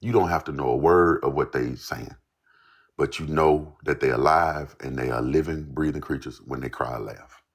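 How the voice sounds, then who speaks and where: A man, a songwriter guest, telling a personal story casually, rambling and halting in places. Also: extremely low pitch, slightly rough. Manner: loose, rambling, repeats "you know what I'm saying".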